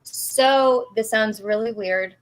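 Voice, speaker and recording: A woman's voice: fairly high pitch, slow pace, poor audio. Earnest forty-something woman with English accent. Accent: English accent, adopted. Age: 40s. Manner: earnest, emotional, confessional. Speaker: voice actress guest. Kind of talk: candid live-stream chat.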